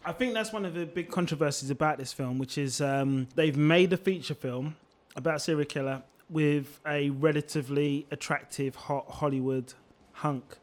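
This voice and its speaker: A man's voice: fairly high pitch, moderate pace, few pauses. A man hosting a casual podcast chat, chatty, playful, often laughing. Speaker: podcast host.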